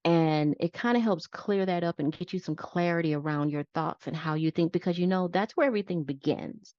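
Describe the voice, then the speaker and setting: A woman's voice: fairly low pitch, brisk, darkish tone, no echo. A woman nurse practitioner being interviewed, explaining her practice in plain step-by-step terms. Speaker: psychiatric nurse practitioner guest. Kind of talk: conversational interview. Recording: dull lo-fi dry sound.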